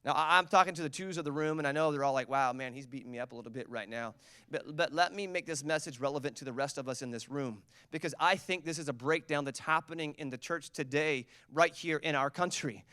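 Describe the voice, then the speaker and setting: A man's voice: on the high side, quick pace, smooth, no echo, clean studio sound. A man, preaching a sermon and telling a story, acting out the quotes with energy. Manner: storytelling, animated, acts out quotes. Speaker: pastor.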